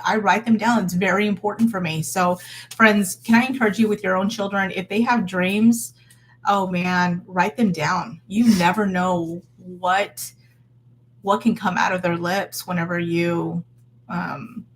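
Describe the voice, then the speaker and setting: With a mid-range, slightly rough voice, a female vlogger in her thirties speaks casually and sincerely about faith. She's encouraging toward her viewers, and her talk is peppered with fillers and false starts.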